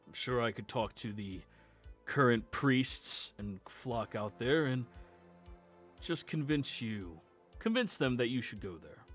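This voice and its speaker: A man voicing a sly, scheming male combat trainer who mocks and bribes in a low, half-whispered tone. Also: expressive, slow pace, fairly bright tone, faint music behind.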